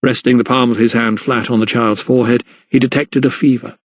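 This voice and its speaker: A male narrator reads a historical novel aloud at a measured, even pace, in a mid-pitched voice. The recording is dry and close, with no room sound. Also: dry recording. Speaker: audiobook narrator. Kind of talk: scripted narration.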